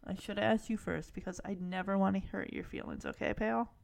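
A woman quoting a gentle young uncle comforting a small child, in quick, soothing lines close to her own voice. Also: medium pitch, creaky, lightly acted. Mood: tender.

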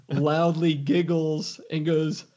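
A man's voice: on the high side, little pitch movement, very slow, warm tone. A man co-hosting a casual podcast chat, telling stories with a teasing, wry manner. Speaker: podcast co-host. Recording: dull lo-fi podcast audio.

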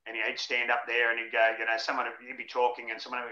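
A man's voice: mid-range voice, flat delivery, quick pace, few pauses, bright, forceful tone. A man in his forties, a former rugby league player, telling frank, jokey stories in a casual interview. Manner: blokey, frank and jokey, laughs through anecdotes. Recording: roomy, slightly dull audio.

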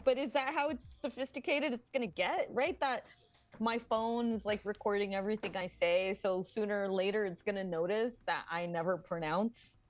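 A woman's voice: medium pitch, moderate pace, lo-fi sound. A woman co-hosting a podcast in casual chat, rambling and swearing with frequent giggles. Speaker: podcast co-host.

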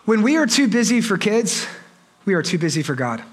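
A man's voice: high voice, very animated, fairly quick. A male pastor preaching a sermon in a playful, emphatic way, often repeating himself.

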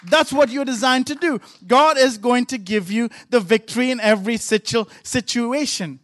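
A man's voice: extremely high pitch, normal speed, fairly bright tone, dry recording. A man pastor preaching a sermon with emphatic, repetitive rhythmic phrasing.

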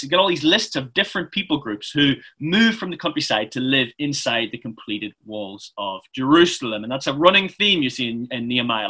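Lively husky-voiced man preaching. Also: medium pitch. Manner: chatty, informal preaching with frequent restarts. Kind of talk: sermon.

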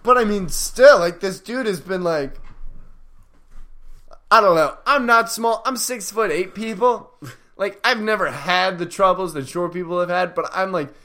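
A man's voice: high voice, unhurried, pushed and bright. A young man co-hosting a podcast in casual comedic chat, with playful, rambling asides full of "like". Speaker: podcast co-host.

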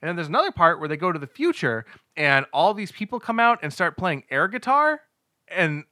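A man's voice: sits high, sing-song, brisk, sharp tone, no echo, clean studio sound. A man co-hosting a casual chat about movies, playful and teasing, laughing easily. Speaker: podcast co-host.

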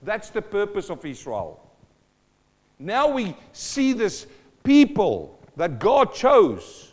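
Lively high-voiced preacher in a reverberant hall. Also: male voice, highs cut off. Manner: dramatic, acts out sounds and voices, asks the congregation questions. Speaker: pastor. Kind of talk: sermon.

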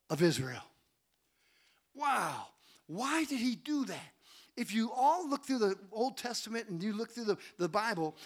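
High-voiced preaching man, call-and-response. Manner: preaching with call-and-response, swelling to shouts then dropping low. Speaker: pastor. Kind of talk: sermon. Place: church sanctuary.

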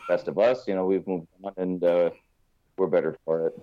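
Co-host, man, very deep voice, halting delivery, dull dry audio. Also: steady tone, dark tone. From Canada. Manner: halting, repeats words as he starts. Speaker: podcast co-host. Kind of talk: casual podcast chat.

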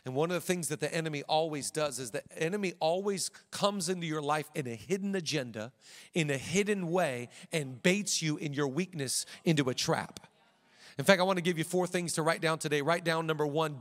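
Guy pastor preaching, high voice, does little character voices, big church echo. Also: fairly quick. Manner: animated, acts out quotes in character voices. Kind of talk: sermon. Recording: long hall reverb.

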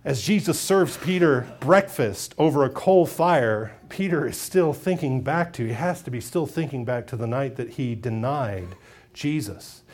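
A man preaching a sermon as pastor, retelling a story expressively and acting out its voices. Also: fairly high pitch. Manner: expressive storytelling, acts out quotes.

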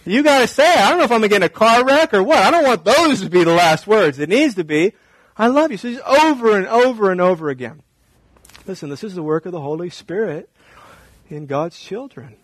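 High-voiced man preaching with hushed intensity. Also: lively intonation, a little fast, dry recording, poor audio. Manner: swings from hushed and intimate to raised and emphatic, repeating phrases. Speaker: pastor. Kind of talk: sermon.

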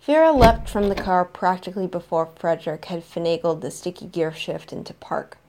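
A woman narrating a story in an expressive, dramatic reading style. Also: fairly low pitch, normal speed.

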